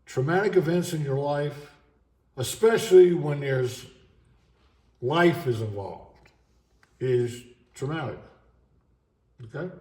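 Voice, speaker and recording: Middle-aged male vlogger, halting and emotional delivery, mellow tone, recorded in an echoey room at home. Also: fairly high pitch. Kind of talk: unscripted monologue vlog.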